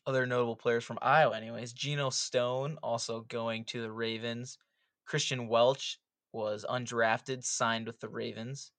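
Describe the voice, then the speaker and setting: A man's voice: mid-range voice, level tone, a little slow, a bit bright, no echo. A young man co-hosting a casual sports podcast, recapping draft picks with light teasing. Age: young adult. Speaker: podcast co-host.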